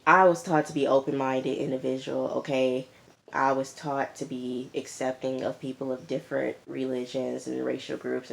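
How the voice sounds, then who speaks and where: A woman casually recapping a reality show episode in an animated, chatty way, stressing her points with an emphatic "okay?". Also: a bass voice, creaky. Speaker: TV reviewer.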